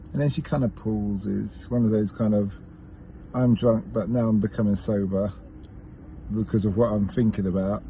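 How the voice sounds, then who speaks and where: A man's voice: medium pitch, vocal fry, warm tone, rough recording. A man who drives a taxi, telling passenger stories in a casual, chatty way, laughing and correcting himself as he goes. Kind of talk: casual storytelling monologue. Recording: car and street noise behind.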